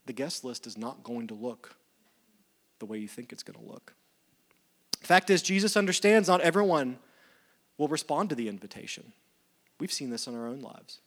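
Guy preaching, casual chatty sermon, mid-pitched voice, acts out the quotes. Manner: conversational, animated retellings of dialogue. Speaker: pastor.

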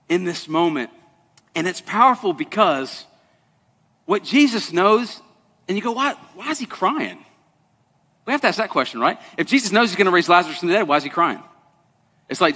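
A man preaching a sermon to a congregation, talking conversationally and dropping to soft, intense tones for weight. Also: sits high, lively intonation, normal speed, long pauses. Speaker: pastor. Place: church sanctuary. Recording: long reverb of a large hall.

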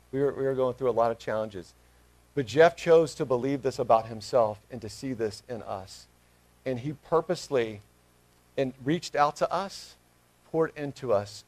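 A middle-aged man preaching from the pulpit, his mid-pitched voice pushing hard on key words before easing down to a quiet, heartfelt hush. The sound is dry and close, with no room echo. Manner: emphatic, rising to loud calls then dropping soft and tender. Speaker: pastor. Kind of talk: sermon.

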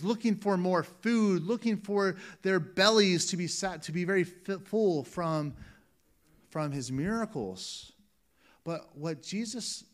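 Earnest male pastor preaching, slightly high. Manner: earnest, with frequent restarts and varied emphasis. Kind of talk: sermon.

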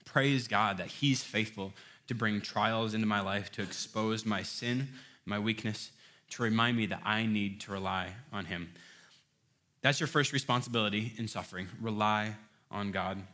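A man preaching a sermon, emphatic and building to loud rhetorical questions, often repeating words as he starts a phrase. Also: fairly low pitch, moderate pace.

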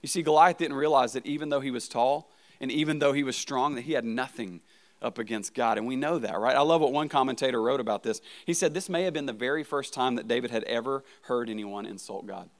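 A man's voice: medium pitch, fast. Give me a man preaching a sermon in a casual, conversational way, who often checks in with "right?". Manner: conversational, often adds "right?" and restarts words. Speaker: pastor.

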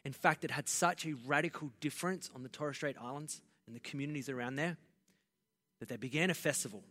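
A man preaching a sermon as pastor, passionate and building to loud, emphatic delivery. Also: on the high side, brisk. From Australia. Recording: long reverb of a large hall.

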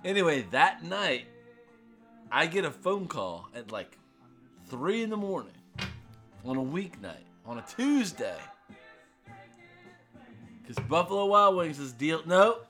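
A man's voice: on the high side, unhurried, long pauses, faint music behind. Rambling storytelling podcast guy. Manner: rambling anecdotal storyteller, lively. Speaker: podcast co-host. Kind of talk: casual chat, storytelling.

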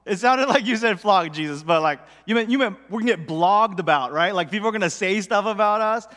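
A man's voice: high voice, a little fast, a bit bright. A man doing eager, chattering young disciples. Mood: alarmed. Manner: breathless, chattering, full of 'like' and repeats. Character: eager young male disciples, excitable then alarmed. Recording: long hall reverb.

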